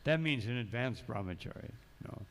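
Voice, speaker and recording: A man's voice: mid-range voice, animated, normal speed, a little hiss or hum. A man giving a morning sermon as a monk, telling stories and breaking in with asides. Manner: storytelling, reads passages aloud then adds asides. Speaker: monk lecturer. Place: temple hall. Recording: long echoing hall.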